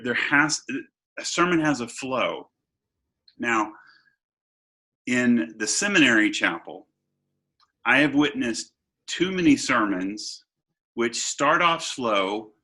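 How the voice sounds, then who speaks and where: A man's voice: mid-range voice, pushed and bright. A man who is a pastor, giving an online seminar lecture over a video call in a conversational way, with fillers and restarts. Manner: conversational, pauses with fillers and restarts, stresses points.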